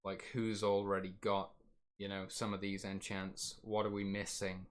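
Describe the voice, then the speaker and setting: Streaming and chatting casually about his game plans, a man rambles and corrects himself as he goes. His lowish voice is monotone at a normal speed and grows a little worn.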